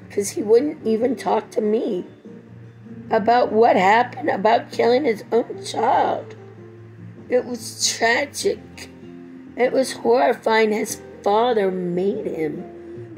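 A woman's voice: on the high side, takes it slowly, darkish tone, faint music behind, rough recording. A middle-aged woman in a rambling personal monologue, profane and swinging between tender and angry.

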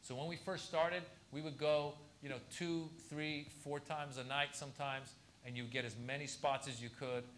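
A man's voice: a little high, level tone, normal speed, few pauses, a bit bright, slight background noise. A man, a comedian, telling anecdotes at a lecture Q&A and acting out other people's lines. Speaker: comedian guest at a university lecture. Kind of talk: storytelling anecdote in a Q&A.

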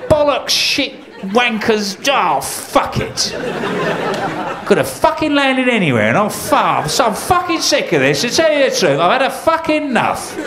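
A man playing a furious wounded medieval king who rants and swears, recorded live over loud crowd laughter. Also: extremely high pitch, echoey room, very noisy, heavily acted. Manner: shouting, raging.

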